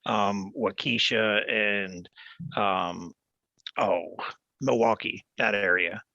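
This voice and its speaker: A man from the Southern US hosting a podcast, chatting in a relaxed, wry way. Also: fairly low pitch, slow pace, gravelly, no echo. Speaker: podcast host. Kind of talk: casual chat. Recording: dull, dry sound.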